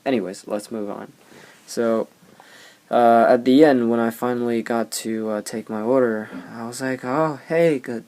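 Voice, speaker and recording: A man's voice: mid-range voice, steady tone, moderate pace, dark tone. A young man hosting a casual podcast, telling rambling anecdotes with many fillers. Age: young adult. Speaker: podcast host.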